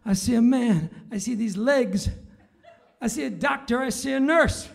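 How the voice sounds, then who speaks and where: A man's voice: very high voice, moderate pace, creaky. A man doing stand-up comedy on a live stage at the piano, telling a rambling, mock-dramatic story and slipping into voices. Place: live stage before an audience. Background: piano playing.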